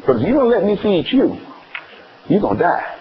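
A man's voice: sits high, sing-song, a little fast, highs cut off, pitched above the performer's own voice. A man with a Southern US accent voicing Jesus as a firm, emphatic teacher in a sermon. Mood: earnest.

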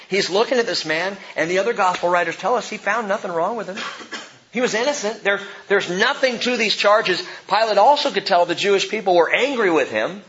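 A man preaching a sermon, moving between hushed, quiet phrases and emphatic bursts, with the odd joke along the way. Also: high voice. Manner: dramatic, swings from soft hush to emphatic; jokey asides amid preaching. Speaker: pastor. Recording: slightly dull lo-fi recording with faint noise.

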